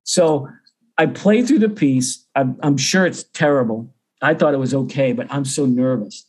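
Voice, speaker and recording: A man's voice: medium pitch, normal speed, faint music behind. A middle-aged man, a percussion teacher, telling a story casually and acting out the other people's voices. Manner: animated, acts out others' voices.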